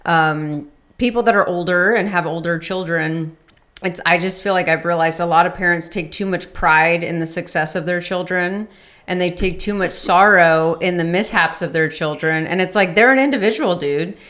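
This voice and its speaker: A woman's voice: on the low side, normal speed, a bit bright. A young adult woman hosting a podcast, talking casually and using slang in conversation. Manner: casual, uses slang like "dude". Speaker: podcast host.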